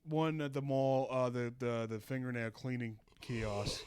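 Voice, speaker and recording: A man's voice: medium pitch, fairly even intonation, unhurried, darkish tone, clean tone, dry recording. A young man co-hosting a podcast, telling rambling stories and laughing as he goes. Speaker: podcast co-host. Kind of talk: casual chat.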